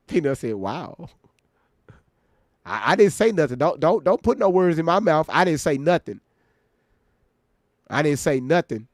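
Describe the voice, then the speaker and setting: A man's voice: on the high side, big pitch swings, unhurried, pauses often, no room sound, studio quality. A man hosting a reaction livestream, talking bluntly and with profanity straight to his viewers in casual chat.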